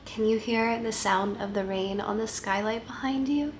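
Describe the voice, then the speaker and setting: A woman with a head cold and a stuffy voice, chatting softly and casually to camera at home. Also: mid-range voice, moderate pace, over music. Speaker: vlogger.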